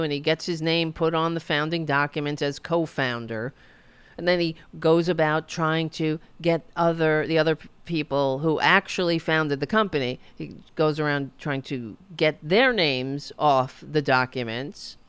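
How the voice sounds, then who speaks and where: A woman's voice: sits low, measured pace, clear, resonant tone, no echo. Indignant woman ranting on a podcast. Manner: indignant and sarcastic, swears freely. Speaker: podcast host. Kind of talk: political commentary rant.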